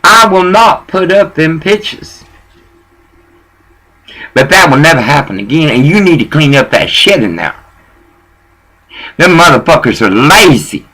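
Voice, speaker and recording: A man's voice: fairly high pitch, animated, measured pace, pauses often, pushed and bright, poor audio. A man telling a rambling, profane story in a casual monologue and dropping in bits of Spanish.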